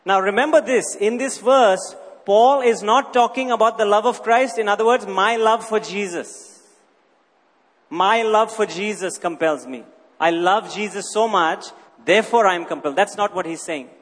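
High-voiced preacher in a reverberant hall. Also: male voice, moderate pace, a bit bright. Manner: emphatic teaching, rhetorical questions, repeats key phrases. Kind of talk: sermon. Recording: long reverb of a large hall.

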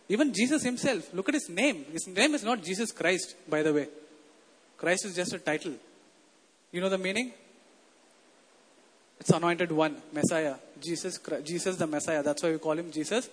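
A man with a high voice preaches in a big hall, and his words ring out with a long reverb. He talks in a conversational way and keeps putting questions to the congregation. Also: husky. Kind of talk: sermon.

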